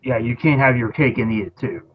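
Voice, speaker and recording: A man's voice: medium pitch, brisk, a little hiss or hum. A man co-hosting a casual wrestling podcast, giving blunt opinions and trailing off with fillers. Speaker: podcast co-host. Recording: muffled lo-fi podcast audio.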